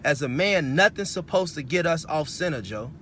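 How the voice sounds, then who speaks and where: A man's voice: fairly high pitch, expressive, normal speed, a bit bright, a little hiss or hum. A young man, giving a casual, preachy monologue to his viewers, full of "you know" fillers. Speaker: host.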